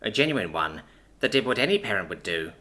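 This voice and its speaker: A man's voice: lowish voice, big pitch swings, brisk, sharp tone. A man voicing a young alien princess who speaks nervously but sincerely, hesitant and emotional. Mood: earnest. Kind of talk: audiobook character voice.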